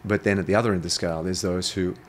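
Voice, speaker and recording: With a low voice, fairly even intonation, and a racing pace, an intuitive coach tells stories as an interview guest. He's provocative and blunt and curses freely, and slight background noise can be heard.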